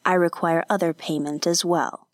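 A woman voicing a calm, mercenary male ninja spy who bargains coolly, read in an audiobook. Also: on the high side, moderate pace, no room sound, clean studio sound, lightly acted. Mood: bargaining.

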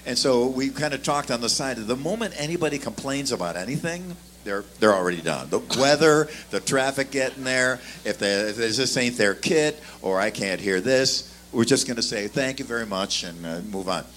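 A bass player on a panel, looking back with enthusiasm and filling his talk with many "uh"s. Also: expressive, moderate pace, few pauses, a bit bright. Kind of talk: casual recollection on a panel.

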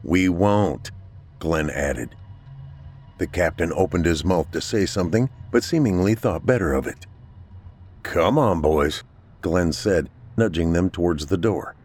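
A man reading a scripted horror story aloud in a measured, unhurried way. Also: deep voice, animated, darkish tone, slightly rough, soft background music. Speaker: narrator.

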